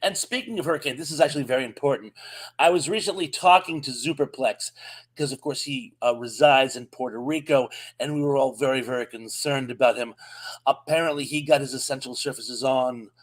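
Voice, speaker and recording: A man's voice: medium pitch, a little fast. A man with a Southern US accent co-hosting a live stream, reading out chat greetings in a friendly, chatty way.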